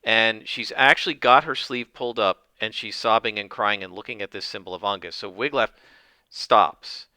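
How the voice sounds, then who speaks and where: A man's voice: on the low side, moderate pace, pushed and bright, no room sound, studio quality. A man narrating a solo tabletop game and thinking aloud as he goes, with many fillers.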